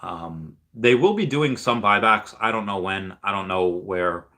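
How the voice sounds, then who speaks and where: A man's voice: lowish voice, expressive, unhurried, bright, forceful tone. A young man hosting a casual livestream, rambling in an upbeat way as he reads viewer comments aloud. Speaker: livestream host reading chat.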